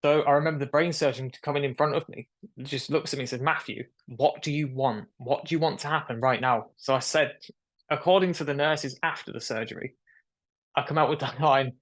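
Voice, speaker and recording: A man's voice: medium pitch, brisk. Young man telling a story. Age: young adult. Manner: animated storyteller who acts out quoted voices. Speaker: guest. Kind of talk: casual storytelling interview. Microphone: video call.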